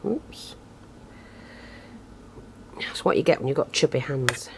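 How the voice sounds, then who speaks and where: In a rumbling low voice with vocal fry, a woman leads a casual craft tutorial, animated yet taking it slowly. She's chatty, self-deprecating and thinking aloud as she works close up. The camera by her hands captures her breathing and a faint hiss or hum.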